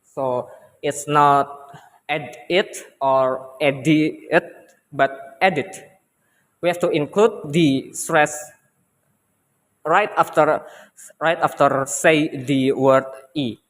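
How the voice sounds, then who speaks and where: A man's voice: a little high, slow pace, pauses often, fairly bright tone, long reverb tail. A young man with an Indonesian accent giving a classroom presentation, hesitant and often repeating himself. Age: young adult. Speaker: student presenter.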